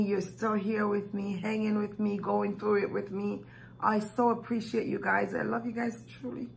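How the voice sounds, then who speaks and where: A woman's voice: medium pitch, vocal fry, slight background noise, rough recording. A woman vlogger thanking her viewers, emotional and gushing, tearing up as she talks. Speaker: mukbang vlogger. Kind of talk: heartfelt thank-you talk to viewers.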